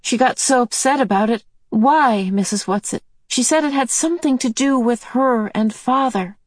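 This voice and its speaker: A woman voicing an anxious teenage girl, speaking higher and more emphatically. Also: normal speed, dry recording, clean studio sound, natural voice. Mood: fretful.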